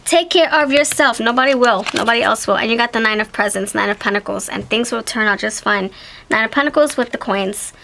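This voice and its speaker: A woman giving a casual tarot reading to her viewers, chatty and animated, with quick exclamations and frequent self-corrections. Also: mid-range voice, creaky, a little hiss or hum, rough recording. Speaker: tarot reader.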